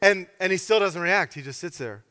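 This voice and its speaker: Male pastor, high voice, animated storyteller, sermon in a reverberant hall. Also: fairly quick. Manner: animated storytelling, acts out characters.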